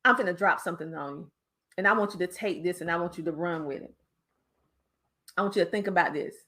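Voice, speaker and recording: A woman with a Southern twang hosting her podcast, giving an animated motivational talk with folksy slang to her live viewers. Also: on the low side, fast. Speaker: podcast host.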